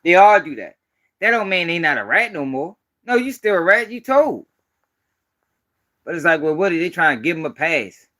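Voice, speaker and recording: A man from Baltimore rants through casual live-stream commentary, blunt and heavy on the profanity. His voice sits fairly high for a man, and he hammers his points home with emphatic repetition. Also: very animated, moderate pace, sharp tone. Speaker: street news commentator.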